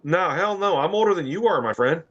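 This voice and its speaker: A man's voice: fairly high pitch, expressive, brisk, a bit bright, highs cut off. A man in his forties in a casual, jokey chat among friends, swearing freely. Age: 40s. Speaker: podcast co-host.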